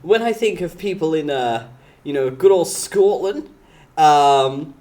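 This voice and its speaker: A man's voice: on the high side, expressive, slow pace, darkish tone. A man streaming live, chatting casually with his viewers and teasing them, often breaking into giggles. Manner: giggly, breaks into frequent laughter; playful teasing, talks to chat by name.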